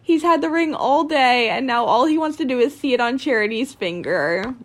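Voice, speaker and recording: Woman, casual podcast recap, lively swooping pitch, acts out quotes, dips to a hush. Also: normal speed. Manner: animated retelling, acts out quotes, drops to a hush. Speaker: podcast co-host.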